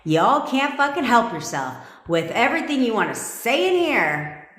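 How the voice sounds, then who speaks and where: A woman's voice: fairly high pitch, very animated, moderate pace, fairly bright tone. Blunt, intense woman coach in an echoey room. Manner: repeats points, answers viewer comments. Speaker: manifestation coach. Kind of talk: live-stream coaching talk. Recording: echoey room with long reverb.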